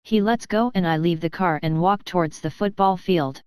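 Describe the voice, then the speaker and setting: A woman narrating a novel in the first person with a steady storytelling delivery. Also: lowish voice, moderate pace, few pauses, clear, resonant tone, no room sound. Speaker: audiobook narrator.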